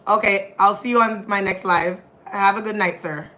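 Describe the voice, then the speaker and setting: A young woman hosts a casual livestream, chatting with viewers, reading their comments, laughing often, and calling her audience y'all. Her mid-range voice is steady in tone, pushed and bright, at a moderate pace. The recording is low quality.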